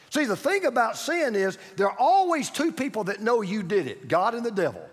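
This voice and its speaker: A male pastor preaches with a high voice and a lively, wide-ranging delivery. He leans on repetition and swings between loud emphasis and hushed asides. His voice rings through a church hall with long reverb. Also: moderate pace, husky. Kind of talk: sermon. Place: church sanctuary.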